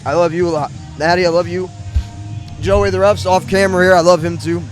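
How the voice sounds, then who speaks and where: A man's voice: sits high, level tone, brisk, soft background music. A man from the St. Louis area doing emotional, emphatic commentary for a wrestling show. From St. Louis area, USA. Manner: heartfelt, emphatic, repeats himself.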